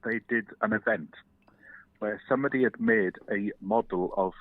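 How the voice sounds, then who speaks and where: A man from London phones in, his lowish voice coming through a tinny, dry phone line. He tells his story steadily, pausing now and then to find the words. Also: no echo. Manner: steady, anecdotal, slightly halting. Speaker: caller.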